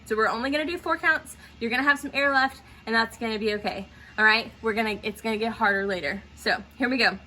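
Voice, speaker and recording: A theatre teacher walks her students through breathing drills, her slightly high voice bright and forceful over light background noise. She keeps the tone encouraging, checking in with "okay?" again and again.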